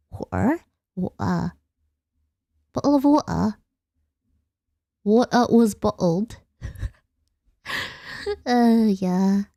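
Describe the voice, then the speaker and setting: A woman's voice: medium pitch, vocal fry, dark tone, no echo, studio quality. A young Australian woman streaming a casual late-night chat, rambling and giggling as she answers her viewers. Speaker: vtuber streamer.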